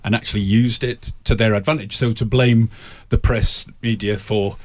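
A man who is a football journalist, giving measured, opinionated answers in a panel chat. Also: fairly low pitch, fairly even intonation, no room sound.

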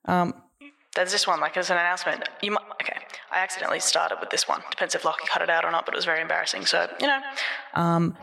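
Bubbly young woman, lowish voice. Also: fairly even intonation, fast talker, vocal fry, pushed and bright. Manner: bubbly, self-deprecating. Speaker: podcast co-host. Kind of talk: casual podcast monologue.

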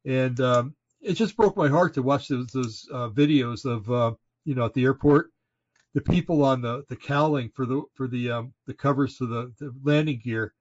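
A man's voice: medium pitch, moderate pace. A man co-hosting a casual political talk show, ranting indignantly with many fillers and restarts. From Oregon, United States. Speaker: podcast co-host. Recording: slightly dull lo-fi audio.

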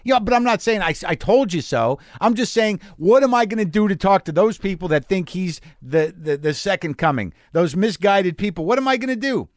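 A man's voice: sits high, lively intonation, normal speed, hardly any pauses, no echo, clean studio sound. A man hosting a podcast from a garage, telling stories in a rambling, profane, self-deprecating monologue. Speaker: podcast host. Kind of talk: casual monologue. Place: garage studio.

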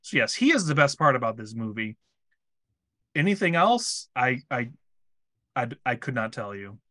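A man's voice: medium pitch, very animated, normal speed, bright, forceful tone, no room sound, clean studio sound. An American man co-hosting a casual movie review podcast, joking and rambling with restarts. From United States. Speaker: podcast co-host.

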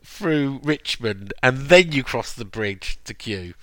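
A man from Surrey with a nasal voice, chatting casually on a podcast with halting, rambling restarts. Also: medium pitch, expressive, fairly bright tone, no echo. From Surrey, England. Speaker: podcast co-host. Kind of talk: casual chat.

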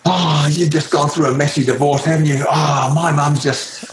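A man putting on the voice of an eager, overfamiliar young male athlete who chatters excitedly. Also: a little high, slight background noise, pitched above the performer's own voice, close to an everyday voice. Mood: gushing. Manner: excitable, rapid gushing chatter. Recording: roomy echo.

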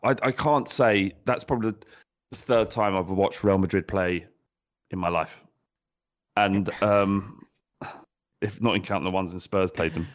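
A man co-hosting a football podcast, blunt and sweary in animated banter with his mate. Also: low voice, unhurried, pauses often. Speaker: podcast co-host. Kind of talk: casual football chat.

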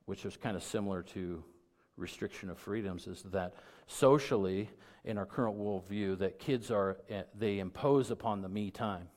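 Low-voiced middle-aged man preaching. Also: moderate pace. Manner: conversational preaching that builds to loud emphatic peaks. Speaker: pastor. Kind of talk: sermon.

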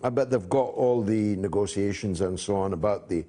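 A man hosting a political interview, asking long, measured questions broken up by frequent "uh" pauses. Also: on the low side, dark tone. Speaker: host.

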